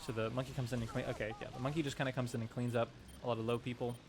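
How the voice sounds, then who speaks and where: A man's voice: mid-range voice, little pitch movement, racing. A man coaching as he reviews team match footage, thinking aloud in a casual, analytical way with frequent restarts. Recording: noticeable background noise.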